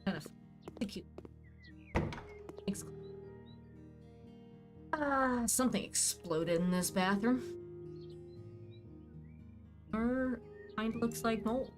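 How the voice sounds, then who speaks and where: A woman's voice: a little high, takes it slowly, long pauses, over music. A woman casually chatting while streaming a game, rambling and answering her chat as she plays.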